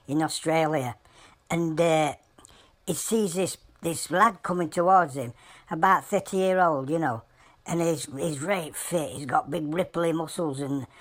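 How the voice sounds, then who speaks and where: A woman voicing a deadpan Yorkshire comedy animal. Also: sits low, dry recording. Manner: deadpan, rambling joke-telling in broad dialect. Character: a blunt animal telling deadpan jokes.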